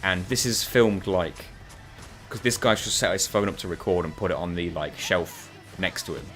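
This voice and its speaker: A man's voice: low voice, steady tone, normal speed, a bit bright, faint music behind. A man co-hosting a gaming channel, chatting casually over co-op gameplay and telling rambling stories with acted-out quotes. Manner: rambling, storytelling, acts out quoted voices. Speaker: co-host.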